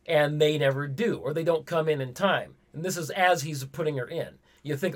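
A man's voice: on the high side, fairly quick, few pauses. A man in casual movie talk, rambling and retelling scenes with quoted lines.

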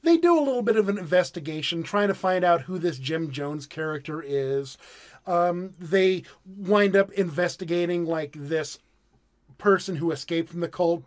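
A man with a fairly high voice who chats casually about films. He is wry and a little self-deprecating, and he picks apart plots in a relaxed, conversational way. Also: normal speed. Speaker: podcast host. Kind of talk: casual film review chat.

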